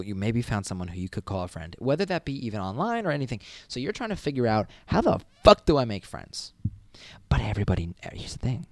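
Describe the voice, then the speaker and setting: A man's voice: mid-range voice, dry recording, clean studio sound. A young man in college talking casually and rambling to the camera, swearing freely and acting out little voices. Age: young adult. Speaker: college student vlogger. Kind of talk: casual monologue.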